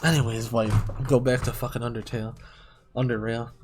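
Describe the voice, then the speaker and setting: A man's voice: medium pitch, level tone, brisk, music in the background. A man streaming a game, telling a long story in a rambling, heavily profane way. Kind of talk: casual storytelling while gaming.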